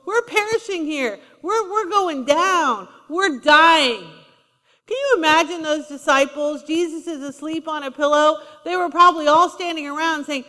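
A woman's voice: high voice, normal speed, sharp tone. A woman preaching a sermon in a conversational style, acting out quotes as she goes. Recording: long reverb of a large hall.

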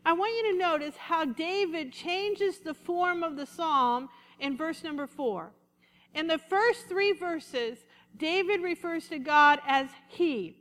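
A woman pastor giving a lively, conversational sermon and calling out to her congregation. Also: very high voice, slow, in a large hall. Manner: lively, conversational preaching with congregation call-outs.

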